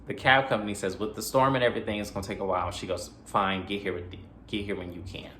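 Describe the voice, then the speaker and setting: A man recapping a horror movie plot in a casual, animated way, acting out the characters' lines and adding his own asides. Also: lowish voice, quick pace, slight background noise. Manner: animated retelling with quoted voices and asides. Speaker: movie reviewer. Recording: echoey room with faint ambience.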